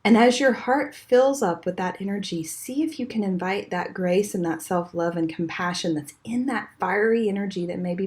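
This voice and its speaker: A woman guiding a meditation in a soft, slow, soothing way, her voice trailing off quietly at the end of phrases. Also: lowish voice. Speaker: energy healing teacher. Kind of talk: guided meditation.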